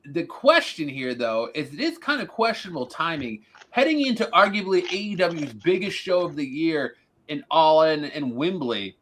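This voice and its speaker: A man's voice: fairly high pitch, very animated, normal speed, a bit bright, slight background noise, poor audio. A man hosting a casual wrestling podcast, blunt and opinionated, swearing now and then. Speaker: podcast host.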